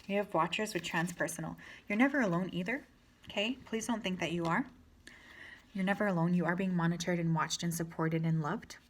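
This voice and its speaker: Soft-spoken woman giving a tarot reading. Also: on the low side, brisk, slight background noise. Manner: gentle, reassuring, chatty with fillers. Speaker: tarot reader.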